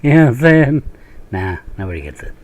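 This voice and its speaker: A man's voice: mid-range voice, very animated, a little fast, darkish tone. A man from northern Minnesota who hosts a gaming channel, rambling through profane personal stories and tangents while he plays. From northern Minnesota, USA. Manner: meandering, profane storytelling with frequent laughs and tangents. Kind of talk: rambling commentary during gameplay.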